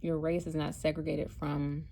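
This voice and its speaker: An American woman telling a personal travel story in a chatty, animated way, acting out what people said. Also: deep voice, normal speed, vocal fry. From United States. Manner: chatty, animated, acts out quotes. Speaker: vlogger and spiritual card reader. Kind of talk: casual storytelling.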